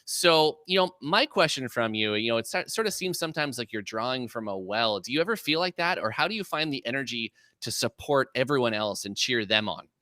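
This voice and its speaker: Man, podcast host, crisp bright tone, thoughtful long questions, dry sound. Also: medium pitch, expressive, a little fast, hardly any pauses, no echo. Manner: thoughtful, restarts phrases, asks long questions. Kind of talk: casual interview.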